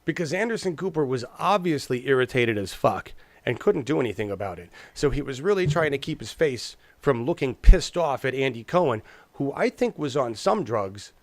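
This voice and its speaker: A man's voice: mid-range voice, very animated, normal speed, hardly any pauses, no echo. A man co-hosting a casual political chat, rambling and restarting his words, slipping into mocking impressions. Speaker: podcast co-host.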